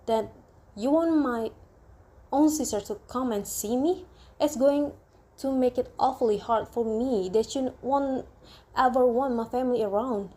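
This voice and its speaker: A woman's voice: fairly high pitch, a little slow, mellow. A woman voicing a touchy young newlywed bride who keeps picking a quarrel, in an insistent, reproachful way.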